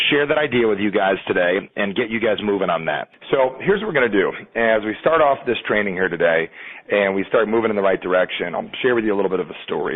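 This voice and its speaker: A man's voice: lowish voice, slightly rough. A man teaching a motivational training on discipline, telling stories and acting out the voices of the people in them. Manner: energetic storyteller, acts out quoted voices. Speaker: results coach. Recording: tinny phone-like lo-fi sound.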